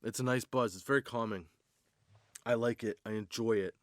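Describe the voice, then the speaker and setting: A man's voice: mid-range voice, moderate pace, no room sound, studio quality. Rambling, profane man hosting a podcast. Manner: casual, profane, rambling stoner banter. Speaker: podcast host. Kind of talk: comedic stand-up style monologue.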